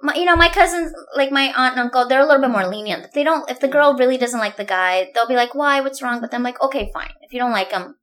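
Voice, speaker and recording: Brief: high-voiced woman from India, casual podcast co-host, animated storyteller. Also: quick pace, hardly any pauses. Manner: animated storytelling, acts out quoted relatives. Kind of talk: casual chat.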